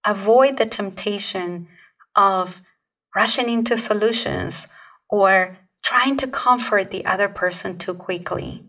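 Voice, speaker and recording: A calm, measured woman hosts a podcast and explains her advice step by step at a middle pitch. She sits a little back from the microphone, so her voice sounds slightly distant. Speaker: podcast host. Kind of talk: scripted podcast talk on communication.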